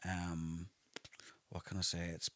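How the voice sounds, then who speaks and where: A man's voice: deep voice, monotone, takes it slowly, fairly bright tone, dry recording. A man, a personal trainer chatting as a podcast guest and often tagging "do you know" onto what he says. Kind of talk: casual podcast chat.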